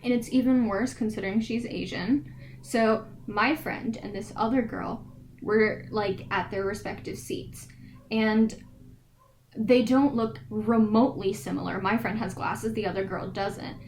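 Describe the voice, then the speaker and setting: A woman's voice: medium pitch, unhurried, a little hiss or hum, poor audio. A teenage girl telling school stories in a casual podcast chat, acting out the people in them. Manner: animated storytelling, acts out the people in her stories. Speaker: podcast co-host.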